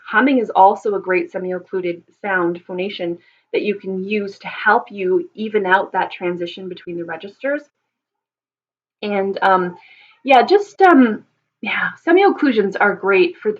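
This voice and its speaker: A woman's voice: mid-range voice, highs cut off. A woman speaking as a voice teacher, thoughtfully explaining singing technique with frequent ums and restarts.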